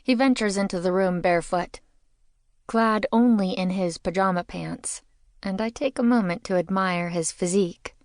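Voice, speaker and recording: A woman's voice: mid-range voice, moderate pace, no room sound, studio quality. A woman narrating a mystery audiobook in the first person, with a wry, conversational telling.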